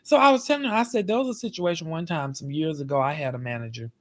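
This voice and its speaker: A man hosting a show, telling a comic story in a sassy, animated way and speaking straight to the audience. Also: on the high side, fast talker. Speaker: show host.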